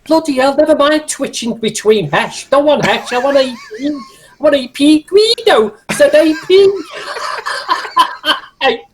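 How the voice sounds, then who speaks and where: A man voicing a brash Scouse tank crewman who shouts orders and curses cheekily. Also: very high-pitched, animated, unhurried, slight background noise, voice pushed up. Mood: bossy.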